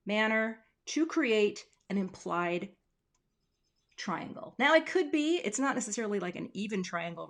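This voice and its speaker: A chatty woman runs a live crafting lesson from her home craft room, talking into a webcam. She keeps things playful and light, with self-deprecating asides. Her voice sits at an ordinary, mid-range pitch for a woman. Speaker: craft teacher hosting a livestream. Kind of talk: casual live design tutorial.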